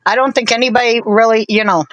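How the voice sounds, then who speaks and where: A woman co-hosting a live stream, chatting casually in a rambling, self-deprecating way with many fillers and pauses. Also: fairly high pitch, fairly even intonation, a bit bright, no room sound, dull audio.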